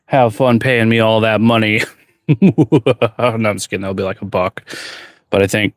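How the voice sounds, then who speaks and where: A man's voice: on the low side, steady tone, normal speed, no room sound, studio quality. A man who is a blacksmith, chatting casually on a livestream from his forge workshop, rambling and reading viewer questions aloud.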